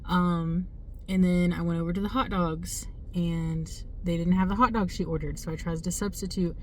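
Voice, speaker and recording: A woman's voice: fairly low pitch, fairly even intonation, normal speed, slight background noise, low-quality recording. A woman who drives for delivery apps, telling a frustrated, rambling story of her shift to the camera, with many fillers. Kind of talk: casual vlog talk to camera. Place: in a car.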